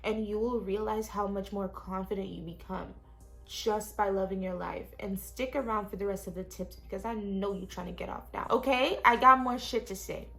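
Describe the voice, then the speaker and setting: A woman's voice: medium pitch, steady tone, moderate pace, vocal fry, bright, forceful tone. Young woman, vlogger. Chatty, frank, swears casually, addresses the camera; small home room, faint music underneath. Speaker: lifestyle vlogger. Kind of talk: casual self-help vlog talk. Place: small cluttered studio apartment.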